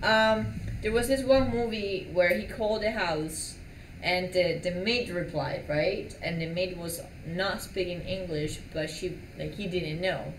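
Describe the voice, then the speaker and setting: A woman's voice: on the low side, steady tone, measured pace, roomy sound, recorded from a distance, a little hiss or hum, poor audio. Woman hosting a casual live stream. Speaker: livestream host. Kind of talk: casual chat.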